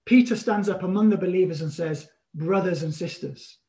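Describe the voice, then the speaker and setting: Pastor, man, high-pitched, animated storytelling sermon delivery. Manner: animated, storytelling with emphatic pauses.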